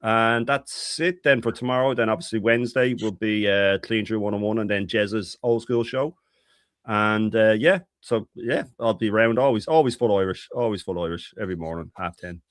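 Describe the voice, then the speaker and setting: A man's voice: on the low side, normal speed, dry recording, clean studio sound. A man, a guest on a casual live panel, talking with passion and emphasis. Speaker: guest YouTuber.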